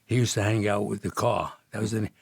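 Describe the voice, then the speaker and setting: A man's voice: fairly low pitch, steady tone, fast talker, gravelly, breathy edge, dry recording. A man, a podcast guest telling rambling stories with frequent laughs and false starts. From Jersey City, New Jersey. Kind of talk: storytelling in casual conversation.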